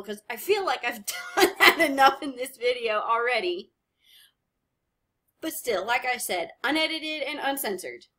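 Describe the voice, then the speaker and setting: A woman hosting an anime reaction video, chatting casually and rambling as she pauses to comment. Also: high-pitched, sharp tone.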